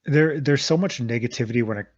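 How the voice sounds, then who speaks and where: Male podcast host, easygoing and agreeable, mid pitch, dull lo-fi mic. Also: quick pace. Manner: agreeable, frequent backchannel, casual swearing. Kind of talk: casual podcast interview.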